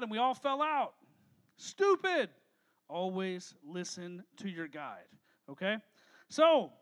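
A man with a strikingly high voice preaches a casual sermon. He keeps it light and playful, throwing questions out to his listeners and teasing them. His delivery is lively and conversational. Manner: energetic, joking, talks to the crowd with questions. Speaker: pastor. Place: church hall with a live audience.

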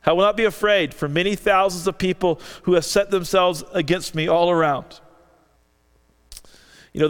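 A man's voice: high-pitched, a bit bright, clean tone. A man preaching a sermon, earnestly reading scripture aloud and lifting his voice for the quoted lines. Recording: long reverb of a large hall.

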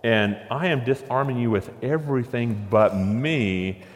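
A male preacher delivers a sermon in a mid-pitched voice. He asks rhetorical questions and hammers his points home through repetition. His voice carries a long reverb from a large hall. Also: a little slow.

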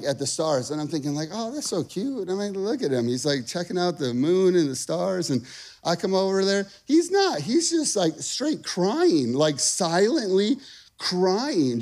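Pastor guy in his 30s, highish voice, chatty energetic sermon. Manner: energetic, conversational preaching with call-and-response.

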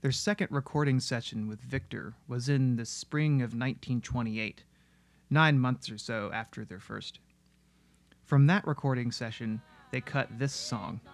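A man's voice: mid-range voice, measured pace, creaky. Man narrating a music analysis. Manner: analytical, steady explainer. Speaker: music video essayist. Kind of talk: scripted narration explaining music.

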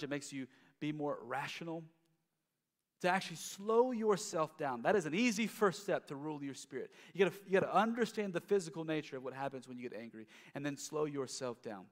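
Casual pastor in an echoing hall. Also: male voice, fairly high pitch, a little fast. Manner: conversational, repeats and restarts words. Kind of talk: sermon.

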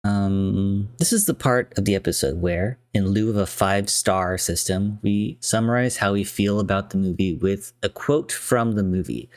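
A man with a lowish voice hosts a casual movie podcast, recorded dry and close. He is laid back, steering the show between segments. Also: moderate pace, hardly any pauses, no echo. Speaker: podcast host.

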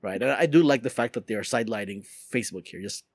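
A podcast co-host chats casually, rambling along with many fillers and restarts. His voice is fairly low and fast, captured in studio quality with no echo.

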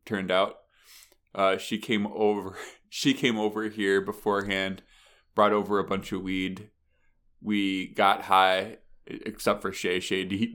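A man co-hosting a podcast, telling an animated story in casual chat, laughing often and acting out the people in it. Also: on the low side. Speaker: podcast co-host.

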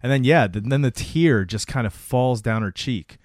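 A man's voice: mid-range voice, expressive, moderate pace, darkish tone, dry recording, clean studio sound. A man co-hosting a casual podcast, reacting with laughs and short agreements and talking through the episode's emotional moments. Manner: laid-back, laughs often, short agreeing replies. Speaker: podcast co-host. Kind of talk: casual chat.

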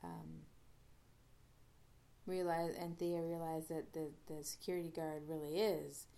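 A woman's voice: low-pitched, level tone, measured pace, gravelly, dark tone. A woman podcast host casually recapping an episode, rambling with many fillers and restarts.

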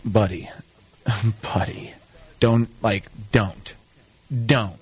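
A man's voice: on the low side, fairly even intonation, very slow, husky, dry recording. A man hosting a talk show, joking and teasing in casual banter and laughing often. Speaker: radio show host.

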